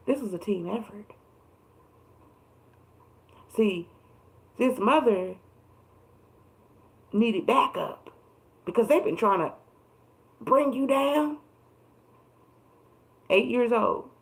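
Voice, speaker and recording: Gravelly-voiced woman giving a tarot reading. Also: a little high, low-quality recording. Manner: emphatic, profane, repeats phrases for emphasis. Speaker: tarot reader. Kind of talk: casual tarot reading livestream.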